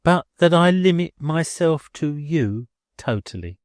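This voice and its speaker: A man voicing a haughty, sarcastic lower-class landlady who speaks with lofty, ungrammatical scorn. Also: big pitch swings, unhurried, darkish tone, no room sound, studio quality.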